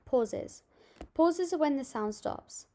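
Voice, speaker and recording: A young woman reading out a school assignment on voice techniques, steady and a little halting, with small restarts. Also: sits high. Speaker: student presenting an assignment. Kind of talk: read-aloud school presentation.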